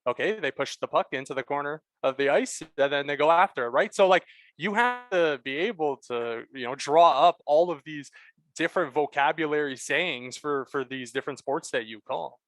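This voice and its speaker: A man co-hosting a casual sports podcast, chatting with quick, emphatic, blunt opinions. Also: a little high, a bit bright, no room sound. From Canada. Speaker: podcast co-host.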